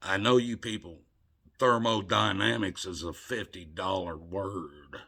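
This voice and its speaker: Slow, gravelly older man ranting. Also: deep voice, steady tone. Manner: emotional and scolding, swings between loud outbursts and hushed murmurs. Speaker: video blogger. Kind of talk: ranting monologue to camera.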